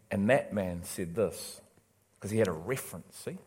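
A man preaching a sermon in a church, passionate and emphatic, swinging between loud urgent calls and quiet pleading. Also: low-pitched, animated, normal speed, husky.

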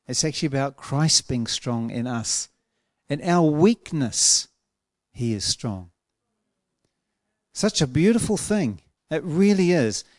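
A man preaching a sermon in an earnest, emphatic way, slowing down to stretch out key words. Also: medium pitch, dry recording, studio quality.

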